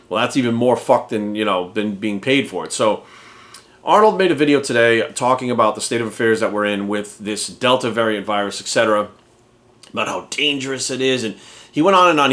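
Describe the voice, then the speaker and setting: A man's voice: mid-range voice, a bit bright. A man, a fitness coach, ranting angrily to camera in coarse, profane language. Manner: profane, heated, indignant ranting. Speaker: fitness coach and channel host.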